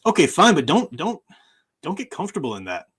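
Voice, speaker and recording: A man's voice: fairly high pitch, wildly swooping pitch, fairly quick, a bit bright, slightly rough. A man, a university professor hosting his own channel, talking in a casual livestream chat, emphatic and often laughing at his own remarks.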